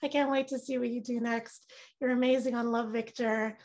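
A woman interviewing a guest in a casual chat, bubbly and quick to laugh. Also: on the high side, flat delivery, a little mellow.

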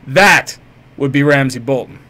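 A man live-streams a game with casual commentary, swearing, joking with viewers and hurling mock-heroic taunts at enemies. He's profane and jokey, chatting with his audience. His medium-pitched voice is a little slow, pushed and bright.

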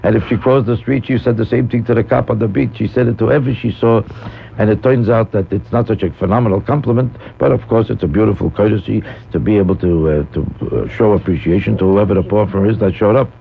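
Fast-talking gravelly comedian on old radio. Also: male voice, lowish voice, slight background noise. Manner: rapid rambling comic monologue. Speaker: comedian guest host. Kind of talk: radio talk show storytelling. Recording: tinny phone-like old radio broadcast.

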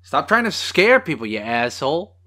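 A man's voice: on the high side, big pitch swings, normal speed, sharp tone. A man hosting a casual movie watch-along, joking sarcastically at the screen and swearing freely. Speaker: host.

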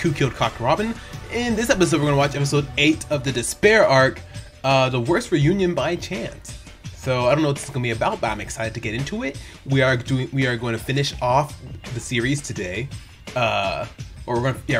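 Excitable rambling man reacting to anime. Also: medium pitch. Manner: excitable, rambling, frequent restarts and exclamations. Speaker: reaction channel host. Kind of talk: casual anime reaction commentary. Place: home room.

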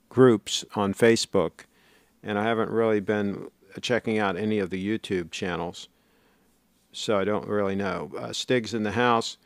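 A man's voice: on the low side, clean tone, no echo, studio quality. A middle-aged man hosting a casual livestream, reading viewer comments aloud and rambling on in a chatty, self-correcting way.

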